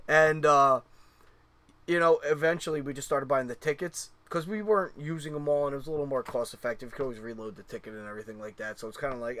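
A man's voice: mid-range voice, sharp tone. A middle-aged man co-hosting a casual chat, rambling through profane stories with lots of fillers.

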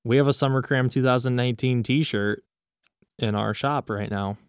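A man's voice: mid-range voice, normal speed, clear, resonant tone, no room sound, clean studio sound. Crude joking podcast co-host, man. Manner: crude, joking, profane banter. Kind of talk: casual chat.

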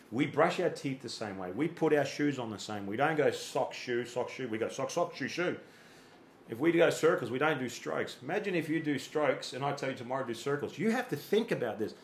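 A man's voice: mid-range voice, lively intonation, normal speed, a little hiss or hum. A man coaching athletes, explaining things in a podcast conversation with everyday analogies and little acted-out quotes, often repeating words as he thinks. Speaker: fitness coach. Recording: roomy echoey room.

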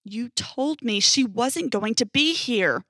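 A woman's voice: fairly high pitch, lively intonation, slow, bright, forceful tone, no echo, clean studio sound, full character voice. A woman voicing a furious young woman who snarls at an old friend with open hostility. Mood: venomous.

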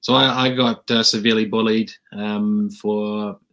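A man's voice: lowish voice, level tone, a little slow, a bit bright. A man with a New Zealand accent hosting a casual interview, speaking in an earnest, conversational way. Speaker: host.

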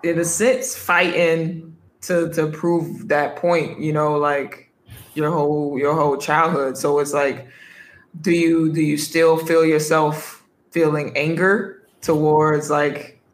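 A man's voice: fairly high pitch, level tone, slow. Man asking rambling questions, echoey room. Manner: searching, restarting questions, many "you know"s. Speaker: interviewer. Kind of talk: conversational interview.

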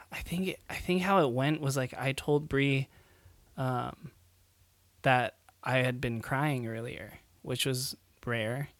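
A man's voice: medium pitch, a bit bright, no echo. A young man and new father, co-hosting a podcast in casual chat, rambling with lots of fillers and laughs as he tells stories. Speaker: podcast co-host.

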